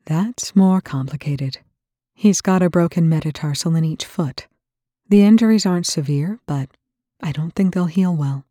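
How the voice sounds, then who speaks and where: A woman's voice: lowish voice, moderate pace, dark tone, dry recording, studio quality, voice pushed up, natural voice. A woman voicing a stern, tired female medic who speaks firmly and matter-of-factly. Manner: firm, matter-of-fact.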